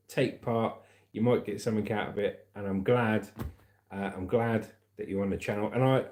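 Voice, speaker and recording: A man's voice: mid-range voice, dark tone. A man from southern England with a southern English accent, hosting a livestream at home and chatting casually with viewers, calling them mate and brother. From Aldershot, southern England. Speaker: livestream host. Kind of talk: casual livestream chat, reading out viewer comments. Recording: roomy echo.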